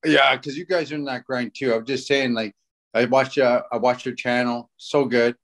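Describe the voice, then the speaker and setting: A laid-back Canadian man in his forties, a guest on a podcast. He rambles and jokes at an easy pace. His voice sits at a plain middle pitch. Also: steady tone, moderate pace, creaky, fairly bright tone. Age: 40s. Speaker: podcast guest, fishing guide. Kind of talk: casual chat.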